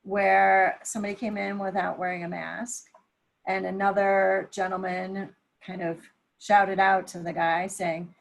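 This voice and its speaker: A woman tells an anecdote during a video meeting. Her voice carries a gravelly fry, and she voices the people she quotes. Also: mid-range voice, little pitch movement, measured pace, poor audio. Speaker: meeting participant. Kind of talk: telling an anecdote.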